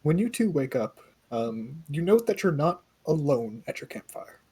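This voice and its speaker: A man narrating as game master of a tabletop game, relaxed and halting with many fillers. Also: fairly high pitch, slightly rough.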